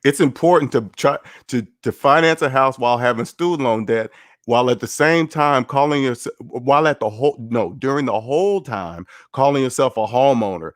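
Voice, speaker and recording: A man's voice: medium pitch, normal speed, no room sound, clean studio sound. A man giving casual livestream commentary on personal finance, blunt and sarcastic, repeating his points.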